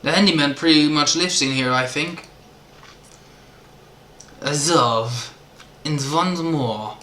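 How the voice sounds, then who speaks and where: A man's voice: fairly high pitch, slow pace, pushed and bright. A man hosting a game playthrough, reading the dialogue aloud in a casual, playful way. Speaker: let's play host. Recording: roomy, game music behind.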